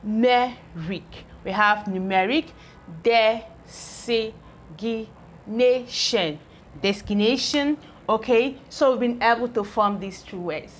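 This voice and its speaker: Slow-paced woman teaching phonics. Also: mid-range voice, a little hiss or hum. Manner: slow, drawn-out syllables, sounding out each piece; asks learners if they follow. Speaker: English teacher. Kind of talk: phonics lesson at a board.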